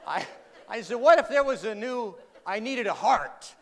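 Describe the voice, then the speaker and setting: Extremely high-pitched yet gravelly and fairly bright, this man speaks unhurriedly with lively intonation, delivering humorous keynote storytelling before a large hall audience. Dry, sarcastic asides and questions to the crowd punctuate the tale. Reverb and faint noise color the recording.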